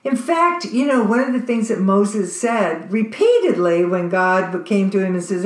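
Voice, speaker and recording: A woman's voice: medium pitch, very animated, unhurried, hardly any pauses. A woman preaching a sermon in a conversational, earnest way. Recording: roomy echo.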